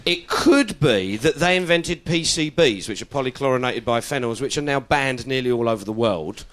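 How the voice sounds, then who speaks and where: Animated comedian. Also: male voice, mid-range voice, moderate pace, background noise. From South London. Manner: cheeky, animated, swearing, mimicking people. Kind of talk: stand-up comedy.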